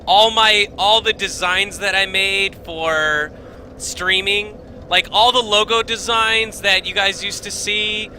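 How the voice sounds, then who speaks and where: High, bright-voiced young man rambling. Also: slow pace, a little hiss or hum, low-quality recording. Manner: rambling, animated, swearing, many fillers and restarts. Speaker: streamer. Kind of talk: casual storytelling to stream viewers. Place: home basement room.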